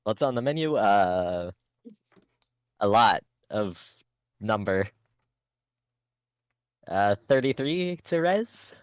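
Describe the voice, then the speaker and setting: Player calling out dice rolls at a game table, super slow and halting, dry close mic. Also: mid-range voice, lively intonation, clean tone, no room sound. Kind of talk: casual tabletop game chat.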